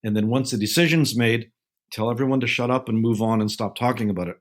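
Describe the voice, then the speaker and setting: A man in his sixties, a guest on an interview show, telling unhurried anecdotes and acting out the people he quotes. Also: medium pitch. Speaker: guest, naval film consultant. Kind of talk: relaxed interview storytelling.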